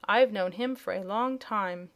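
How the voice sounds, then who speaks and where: A woman voicing a sensible, cheerful young girl in an audiobook, speaking briskly and matter-of-factly. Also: medium pitch, fairly bright tone. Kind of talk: audiobook character voice.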